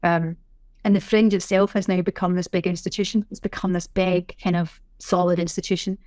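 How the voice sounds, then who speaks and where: A middle-aged Scottish woman, a sign language interpreter, chatting in a podcast interview with a lively, self-deprecating way of telling things. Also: on the low side, fairly quick, no echo, studio quality. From Scotland. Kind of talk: casual interview chat.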